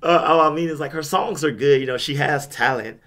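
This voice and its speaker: A young man co-hosting a podcast chats casually after returning from a gaming convention, rambling and frequently stumbling over and repeating his words. His voice is a little high, fairly quick and slightly bright.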